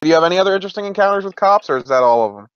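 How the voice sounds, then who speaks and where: A man's voice: sits high, expressive, rapid-fire, smooth, dry recording, muffled recording. A man interviewing a guest, asking short, casual questions and reacting briefly.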